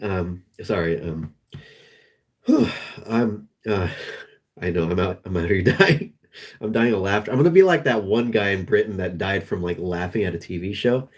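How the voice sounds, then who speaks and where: Male streamer, slightly low voice, loose rambling livestream chat that trails off and restarts. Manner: rambling, halting, with many restarts.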